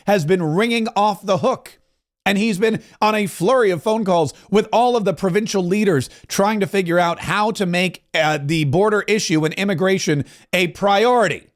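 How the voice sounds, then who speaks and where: A man hosting a political commentary show, talking emphatically with sarcastic asides. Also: high-pitched. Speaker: talk show host.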